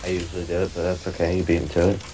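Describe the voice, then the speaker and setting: A laid-back man in a team voice chat, tossing off dry remarks in a lowish voice. Faint noise and the sound of keyboard typing come through behind him. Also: completely flat delivery, very fast, warm tone. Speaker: player. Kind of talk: casual team voice chat while gaming.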